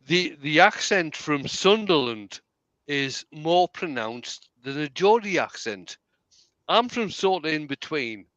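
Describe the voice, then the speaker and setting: A man's voice: fairly high pitch, big pitch swings, slow, a bit bright, no echo, muffled recording. A man with a County Durham accent, chatting and telling stories on a live stream, laughing and repeating words as he goes. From County Durham, England. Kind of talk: casual chat.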